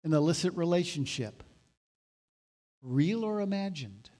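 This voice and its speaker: A man preaching a sermon, moving between loud emphatic exhortation and calm explanatory teaching. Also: a little high, unhurried. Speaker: pastor.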